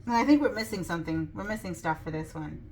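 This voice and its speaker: A woman's voice: fairly low pitch, lively intonation, fast, darkish tone, slight background noise. Breathless chatty woman vlogger. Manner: chatty, rambling, self-joking. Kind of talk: casual chat. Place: home kitchen.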